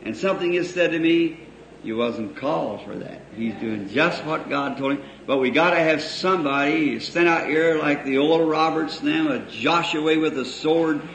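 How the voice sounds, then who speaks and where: Folksy preacher in an echoey hall. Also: male voice, fairly high pitch, vocal fry, fairly bright tone. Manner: folksy, drawn-out emphatic phrases, chuckling asides. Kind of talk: sermon storytelling. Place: church hall before a congregation. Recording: echoey old hall recording with faint hiss.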